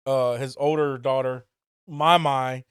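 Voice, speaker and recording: Smooth-voiced, slangy podcast host man. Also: medium pitch, takes it slowly, dry recording, clean studio sound. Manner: relaxed, slangy, reacts with laughs and short comments. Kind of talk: casual chat.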